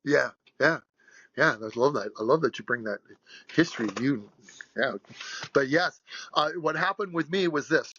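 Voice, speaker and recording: A man's voice: a little high, moderate pace, long pauses, bright, forceful tone, lo-fi sound, a little hiss or hum. A man in his sixties, a strength coach being interviewed, telling stories bluntly and with animation. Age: 60s. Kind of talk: podcast interview storytelling.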